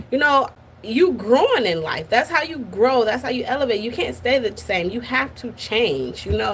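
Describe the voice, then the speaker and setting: Woman, reaction host, chatty and opinionated, a bit high-pitched, light background hiss. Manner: chatty, opinionated, addresses viewers as y'all. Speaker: commentary channel host. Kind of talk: casual reaction commentary.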